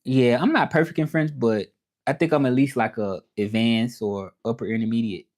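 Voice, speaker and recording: A man with a Southern US accent chatting casually on his livestream, relaxed and talkative, repeating phrases and slipping in some French. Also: mid-range voice, moderate pace. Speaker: interpreter and livestream host.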